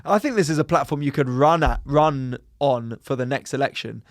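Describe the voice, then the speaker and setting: A man's voice: medium pitch, lively intonation, moderate pace, no room sound, studio quality. A man co-hosting a podcast, reading listener messages in casual chat and laughing often. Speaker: podcast co-host.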